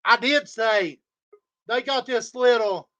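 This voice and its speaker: A man's voice: extremely high pitch, takes it slowly, bright, forceful tone. A man on a livestream, ranting in a heated, profane way and repeating his insults. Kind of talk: angry livestream rant. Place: home studio.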